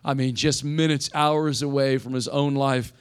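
A young man preaches in a relaxed, conversational way, addressing the congregation directly. His voice sits in an ordinary middle pitch, and he grows more intense when he reads scripture aloud. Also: moderate pace, clean tone. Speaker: pastor. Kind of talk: sermon.

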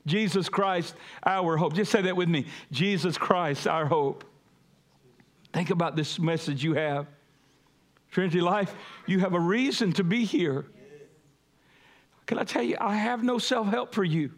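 A pastor preaching a sermon, calling on the congregation to repeat after him and building to emphatic peaks. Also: male voice, high-pitched, measured pace, long pauses. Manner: call-and-response preaching, rising to emphatic peaks.

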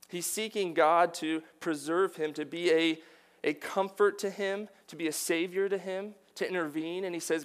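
A man's voice: on the high side, steady tone, normal speed. A man preaching a sermon, earnest and building to emphatic declarations.

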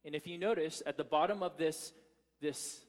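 A man's voice: a little high, normal speed. Man preaching in a reverberant hall. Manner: casual storytelling with frequent fillers and restarts. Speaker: pastor. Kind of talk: sermon.

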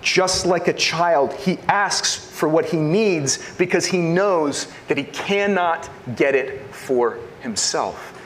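A man preaching a sermon, asking rhetorical questions and swinging between loud emphasis and hushed lines. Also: fairly high pitch, lively intonation, takes it slowly, hardly any pauses, slight background noise. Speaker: pastor.

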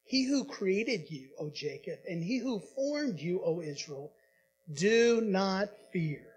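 A male pastor preaching a sermon, with dramatic pauses, repetitions and rising emphasis in a church. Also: sits high, lively intonation, a little hiss or hum, low-quality recording.

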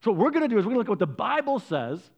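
A man pastor preaching a sermon, telling a story with lively, playful asides to the congregation. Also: high voice, rapid-fire, slightly rough, dull audio.

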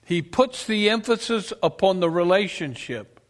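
A male preacher delivering an emphatic sermon, asking his congregation questions and swinging between loud declarations and quiet asides. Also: high voice, lively intonation, moderate pace. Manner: emphatic, rises and drops sharply, asks the congregation questions. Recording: long reverb of a church hall.

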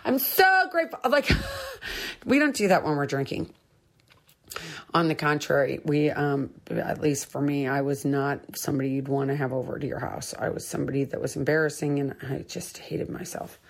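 A woman's voice: very deep voice, fairly even intonation, fairly quick, gravelly. A middle-aged woman hosting a sobriety talk, speaking in a candid, earnest and encouraging way that repeats its points. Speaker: sobriety podcast host. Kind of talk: candid personal monologue.

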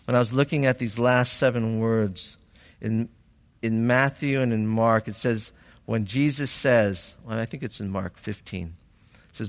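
A man preaching a sermon as pastor, reflective and measured, rising to fervent emphasis on key points. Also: mid-range voice, fairly bright tone, big-room sound.

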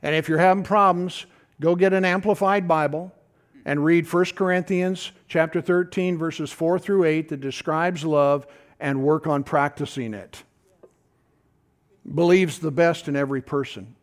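Middle-aged pastor guy, pretty high voice, folksy sermon full of asides. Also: unhurried. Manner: folksy, animated preaching with rhetorical asides.

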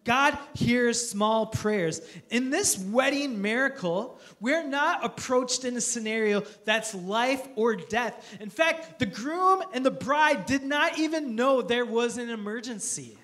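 Earnest, high-voiced male preacher. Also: animated, measured pace, few pauses, bright, forceful tone. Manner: earnest, repetitive, stammering restarts. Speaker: pastor. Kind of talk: sermon.

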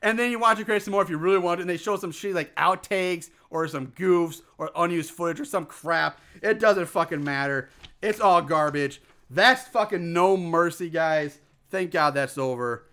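Podcast co-host, male, high bright voice, yelling profane rant style. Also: moderate pace. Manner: loud, ranting, swears a lot. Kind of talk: profane casual movie recap.

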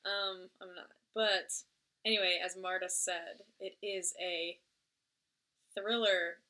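A woman's voice: on the low side, fairly even intonation, takes it slowly, bright, forceful tone. A woman in her twenties co-hosting a casual podcast. She makes wry, offhand remarks and swears freely. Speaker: podcast co-host. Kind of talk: casual chat.

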